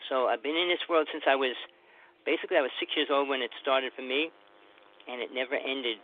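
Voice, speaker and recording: A man's voice: medium pitch, steady tone, brisk, a little hiss or hum. An older man calling in as a guest to a talk radio show, chatting in a loose, rambling way over his phone. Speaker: call-in guest. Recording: tinny phone line.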